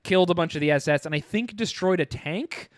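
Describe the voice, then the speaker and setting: A man with a fairly high voice spins an animated story on a casual podcast, jumping into the voices of the people in it. The sound is close and dry, with no room at all. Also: brisk, no room sound. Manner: animated storyteller, acting out quotes with profanity. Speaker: podcast co-host. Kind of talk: casual chat.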